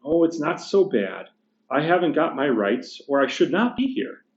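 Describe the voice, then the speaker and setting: A man's voice: big pitch swings, normal speed. A man putting on a blustering indignant ghost. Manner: loud, aggrieved, rising pitch. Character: blustering indignant male ghost, self-righteous working man. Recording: echoey room, dull lo-fi sound.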